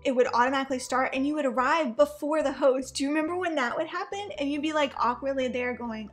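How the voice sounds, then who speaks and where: A woman's voice: high voice, fast, hardly any pauses, fairly bright tone, soft background music. A woman in her thirties, a mom chatting animatedly in a casual reaction vlog and laughing often. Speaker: vlogger, mom.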